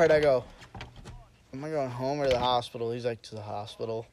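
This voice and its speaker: A man's voice: mid-range voice, fast, slight background noise, rough recording. A young man in casual conversation tells a rowdy story among friends, cursing freely and laughing through it. His voice sits in an ordinary middle range. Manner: profane, animated storytelling with laughs. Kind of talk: casual chat.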